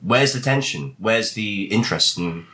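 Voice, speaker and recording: A man hosting a casual discussion, chatty and quick to laugh, asking probing questions. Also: fairly low pitch, expressive, sharp tone. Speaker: podcast host.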